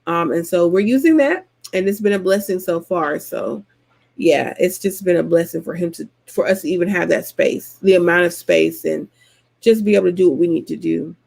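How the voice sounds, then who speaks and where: A woman from Georgia with a Southern American accent, chatting casually with her viewers and telling stories in an animated, colloquial way. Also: on the low side, moderate pace, vocal fry. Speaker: vlogger host answering subscriber comments. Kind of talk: casual chat.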